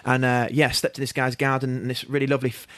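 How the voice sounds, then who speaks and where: Fast-talking Englishman telling stories. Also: medium pitch, dry recording. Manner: rapid, animated storytelling with laughs. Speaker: guest. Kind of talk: casual chat.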